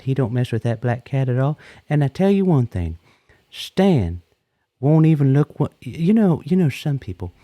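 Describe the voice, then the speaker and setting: A man calls in and spins a long, wandering comic tale in a folksy, loose way, doubling back and restarting as he goes. His voice sits at an ordinary middle pitch, and it is recorded close and dry, with no room sound. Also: warm tone, no room sound. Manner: folksy, rambling, repeats and restarts himself. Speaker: caller. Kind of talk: rambling comedic anecdote.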